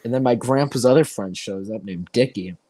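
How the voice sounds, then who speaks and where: A man's voice: medium pitch, fairly quick, warm tone. A young man co-hosting a casual podcast, telling a story with lots of energy and swearing freely. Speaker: co-host.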